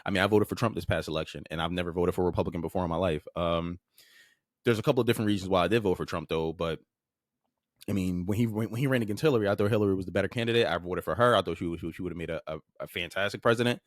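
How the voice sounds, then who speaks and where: Racing through his thoughts in a low-pitched voice, a male podcast host gives blunt, informal commentary on the clips he plays, cursing casually and starting phrases over. The sound is clean studio audio without any room sound.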